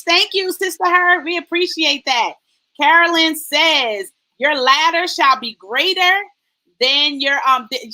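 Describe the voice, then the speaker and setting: A woman hosting a faith-based live stream, reading out viewer comments with lively, sing-song greetings. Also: high-pitched, rough recording. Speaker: host.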